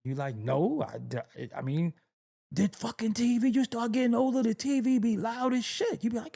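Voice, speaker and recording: Middle-aged New man riffing in a loose comedic monologue, gravelly voice with lively pitch swings. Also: moderate pace. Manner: animated storytelling, acts out exasperated voices, laughs often. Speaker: rapper talking on camera.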